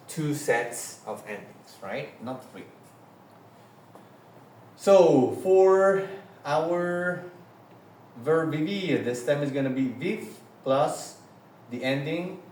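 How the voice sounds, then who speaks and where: Male teacher giving a slow, patient lesson, spelling things out; distant, reverberant room sound. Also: mid-range voice, darkish tone, slight background noise. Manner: spells out letters, praises with "very good". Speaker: Spanish teacher. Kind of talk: recorded grammar lesson.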